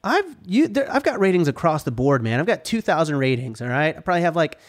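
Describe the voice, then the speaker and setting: A man talking casually on a podcast, telling stories about his rental cabins. He is animated and filler-heavy, slipping into the voices of guests and workers as he goes. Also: a little high, fast. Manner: animated, says dude and like a lot, acts out quotes. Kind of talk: casual chat, storytelling.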